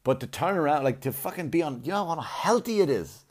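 A man's voice: fairly high pitch, big pitch swings, fast. A man on a blunt, profane comic rant, arguing and mocking as he goes. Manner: blunt, swearing, argumentative, mocking.

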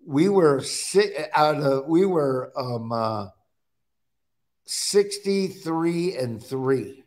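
A middle-aged man from Nebraska, a guest in a casual chat, telling animated stories and acting out his own quotes. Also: fairly high pitch, very slow.

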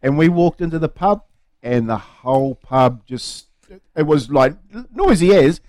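A New Zealand man co-hosts a breakfast radio show and tells stories in a relaxed, chatty way. His voice sits mid-range, and he says mate often. The studio sound is dry and close to the mic. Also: medium pitch, measured pace, no echo. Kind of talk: casual radio chat.

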